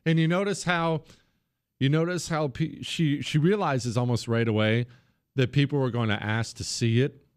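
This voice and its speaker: A man's voice: mid-range voice, moderate pace, smooth, no echo. Sarcastic male talk radio host. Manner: sarcastic, emphatic, mocking. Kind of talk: opinionated talk radio monologue.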